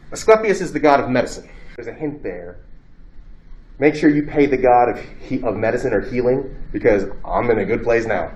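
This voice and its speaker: A man lectures on philosophy in a relaxed, conversational way, jumping into quoted lines with a raised voice. His voice sits at a middle pitch. The sound carries the echo of a classroom.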